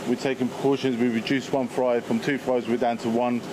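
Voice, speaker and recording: A man's voice: mid-range voice, level tone, brisk. A man, a shop owner, answering interview questions in an easygoing, hesitant way. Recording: traffic noise behind.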